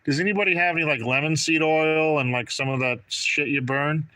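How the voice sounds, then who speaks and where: A man's voice: fairly high pitch, a little fast, sharp tone. A man hosting a live trading card break stream, chatting and joking with viewers by name as he calls out draws. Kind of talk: casual live-stream commentary.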